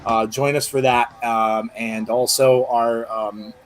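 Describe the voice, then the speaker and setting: A middle-aged man co-hosting a live podcast, easygoing and chatty. His talk rambles and is full of fillers and restarts, and his pitch sits in a typical middle range. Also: little pitch movement, takes it slowly, a little hiss or hum. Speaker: podcast co-host. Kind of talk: casual live-show chat.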